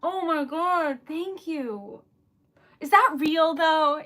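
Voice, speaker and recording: A woman's voice: high-pitched, drawn-out words, sharp tone. A woman live streaming while she crafts. She talks in an emotional, flustered, giggly way and sounds teary and shaky.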